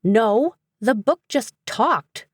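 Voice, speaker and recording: A woman's voice: mid-range voice, sing-song, unhurried, no echo, studio quality, pitched above the performer's own voice. A woman voicing a flustered, anxious young woman librarian. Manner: flustered, startled.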